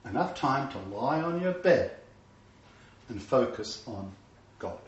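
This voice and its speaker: An older man in his sixties preaching a sermon, swinging between emphatic loud bursts and hushed, low asides. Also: big pitch swings, slow. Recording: roomy, distant, dull-sounding hall recording.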